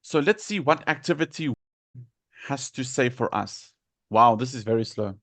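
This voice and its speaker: A man's voice: medium pitch, lively intonation, normal speed, fairly bright tone, dry recording. A man teaching an English vocabulary lesson, patiently repeating words to model their pronunciation.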